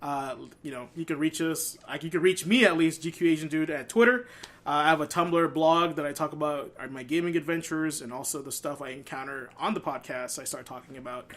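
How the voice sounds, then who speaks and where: A man's voice: fairly high pitch, brisk, a bit bright. A man hosting a casual gaming podcast, rambling with lots of fillers and restarts. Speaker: podcast host.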